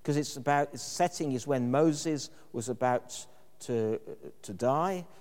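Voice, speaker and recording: A man gives a sermon in a warm, mellow voice, talking in a thoughtful, conversational way with the odd "um". His words ring out with a long reverb from the church around him. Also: medium pitch, measured pace. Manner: thoughtful, conversational preaching with fillers. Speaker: preacher.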